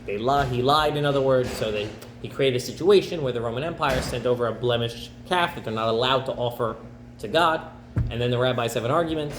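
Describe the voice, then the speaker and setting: A man, a rabbi, teaching a class and telling a story in a lively way, jumping into the characters' voices. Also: mid-range voice, reverberant, slight background noise, low-quality recording. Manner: animated, acts out characters in quick bursts. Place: campus center classroom.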